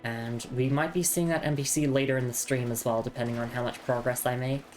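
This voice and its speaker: A woman's voice: very deep voice, steady tone, a little fast, darkish tone, soft background music. A woman streamer chatting casually while playing a game, reading item text aloud to her viewers. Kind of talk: casual gameplay commentary.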